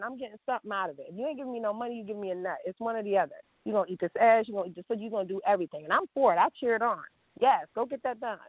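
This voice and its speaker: A woman's voice: fairly high pitch, breathy edge, dry recording. A woman vlogger in a blunt, profane, confrontational unscripted rant, calling someone out. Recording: dry, tinny phone-like sound.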